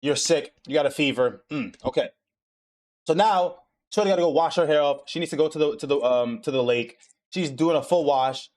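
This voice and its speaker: Animated, profane young man recapping. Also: on the high side, moderate pace. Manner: animated, profane storytelling with acted-out quotes. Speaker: podcast host recapping an anime. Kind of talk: casual chat.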